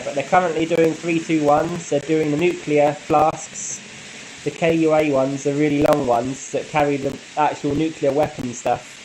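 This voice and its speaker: A man hosting a laid-back live stream, reading out and answering viewer comments in a loose, chatty way. He laughs lightly and often. His voice sits a touch high, and a faint hum of noise runs underneath. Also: a little mellow, rough recording. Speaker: model railway channel host.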